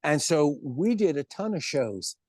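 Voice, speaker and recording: Animated older man telling a story. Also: fairly high pitch, a little slow, no room sound. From United States. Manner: animated storyteller acting out quoted voices, swears freely. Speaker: interview guest. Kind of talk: casual anecdote telling.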